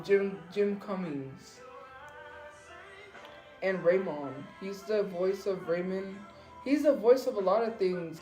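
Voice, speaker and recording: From a room at home, a woman hosts a casual livestream, rambling, laughing at herself, and using lots of fillers as faint music plays. Her fairly low, slightly mellow voice comes through a low-quality recording with an echoey room.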